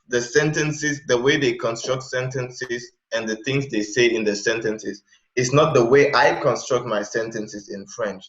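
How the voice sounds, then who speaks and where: A man speaking as an interview guest in casual chat, pausing to search for examples mid-sentence. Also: mid-range voice, fairly bright tone. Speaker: interview guest, language learner. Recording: echoey, dull sound.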